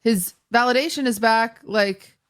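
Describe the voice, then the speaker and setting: Female podcast host, lively storyteller, slightly high register. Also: measured pace, smooth. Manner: animated storyteller, acts out quotes. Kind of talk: casual podcast chat.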